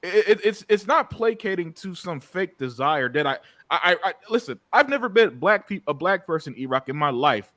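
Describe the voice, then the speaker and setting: Casual podcast host, a man in his thirties: a bit high, very dry recording, stammers and restarts constantly. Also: normal speed, few pauses, no echo. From United States. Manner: animated, stammers and repeats words, swears freely.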